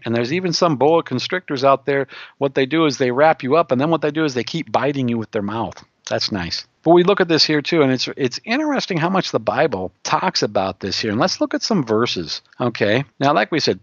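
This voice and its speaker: A man preaching a Bible teaching in a loose, conversational way, often addressing listeners with asides and quick questions. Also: mid-range voice, dry recording, highs cut off. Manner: conversational, with frequent fillers and rhetorical asides. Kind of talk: sermon-style Bible teaching.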